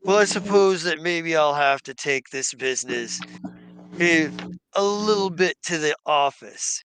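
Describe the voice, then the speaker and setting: A man voicing a swaggering, roguish male pirate captain who gives gruff, boastful commands. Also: on the high side, lively intonation, a little slow, fairly bright tone, slight background noise, rough recording.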